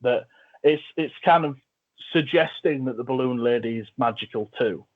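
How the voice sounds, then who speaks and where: Male podcast host, jokey and eager, mid pitch, narrow phone-like audio. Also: normal speed. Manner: enthusiastic, jokey. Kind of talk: casual film chat.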